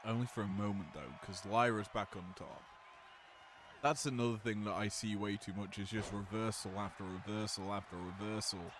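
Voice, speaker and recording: A man calling a wrestling match play-by-play, drifting between relaxed chatty asides and louder calls on big moves, with a slight growl in his voice. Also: fairly low pitch, moderate pace, background noise. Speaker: wrestling commentator. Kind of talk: play-by-play commentary on a simulated match.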